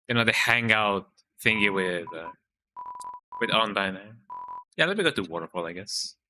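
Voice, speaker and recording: A man streaming a video game, chatting casually and rambling with trailing fillers. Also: medium pitch. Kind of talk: casual gameplay commentary. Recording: noisy background hiss.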